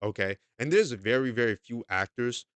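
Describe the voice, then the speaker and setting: A man's voice: medium pitch, expressive, moderate pace, a bit bright, clean tone, dry recording. A man giving a casual, emphatic movie review, often repeating himself and checking in with "okay?". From United States.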